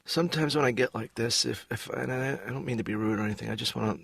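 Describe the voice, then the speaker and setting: A man's voice: mid-range voice, fast talker, gravelly, a bit bright, breathy edge, no room sound. A man voicing a neurotic, needy cartoon therapy patient who rambles and complains in a self-pitying way. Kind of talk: animated sitcom voice acting.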